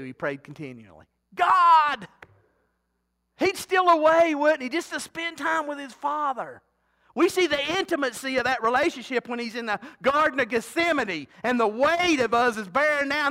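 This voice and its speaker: A man's voice: very high-pitched, bright, forceful tone. A middle-aged man preaching a sermon in a folksy, talkative way, often asking the congregation questions. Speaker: pastor.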